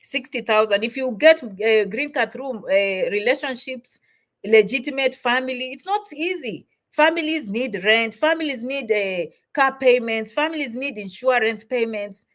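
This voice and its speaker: A woman's voice: on the high side, moderate pace, a bit bright. A middle-aged woman hosting a livestream question-and-answer chat, repeating herself as she encourages viewers. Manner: repetitive, encouraging, emphatic. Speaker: host answering viewer comments.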